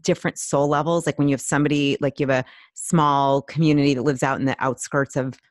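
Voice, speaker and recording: A woman's voice: deep voice, steady tone, quick pace, dry recording, studio quality. A woman guest on a podcast, talking with earnest enthusiasm and laughing often. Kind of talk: casual chat.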